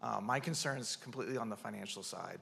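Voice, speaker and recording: A man's voice: on the low side, fast, creaky, sharp tone. A man, a local resident, making a matter-of-fact public comment at a town meeting.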